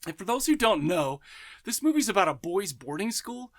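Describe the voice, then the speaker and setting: A man's voice: high voice, big pitch swings, moderate pace. A man hosting a horror movie podcast, talking casually and enthusiastically, rambling and correcting himself often. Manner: enthusiastic, rambling, self-interrupting; laughs and acts out voices in anecdotes. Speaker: podcast host. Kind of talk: casual monologue.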